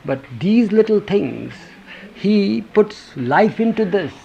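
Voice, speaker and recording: A man with a high-sitting, gravelly, warm voice speaks slowly but animatedly in an informal talk to a group, recounting his spiritual teacher's words. He tells stories, quotes the teacher, and asks the listeners questions. The recording is dull lo-fi tape with faint hiss.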